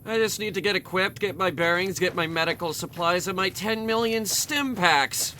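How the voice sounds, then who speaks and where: A man's voice: sits high, moderate pace, bright, forceful tone, a little hiss or hum. A young man giving rambling, sarcastic, jokey commentary while he plays a video game. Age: young adult. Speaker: let's play commentator.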